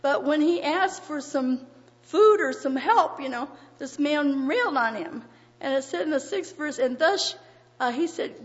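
Woman preacher, high voice, earnest and folksy, scripture reading, dull lo-fi sound, long reverb. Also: animated, normal speed. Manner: earnest, folksy, reads in old-fashioned scripture cadence.

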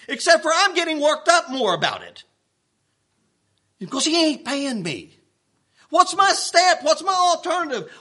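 A man preaching a sermon, telling a story in an animated, worked-up way with plenty of restarts. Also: very high-pitched. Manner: folksy, animated, getting worked up.

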